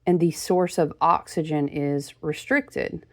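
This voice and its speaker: A woman with a gravelly, low-pitched voice chats casually to her viewers during a spiritual card reading. She talks in a friendly, familiar way, calling them friend and honey. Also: fairly even intonation, slow.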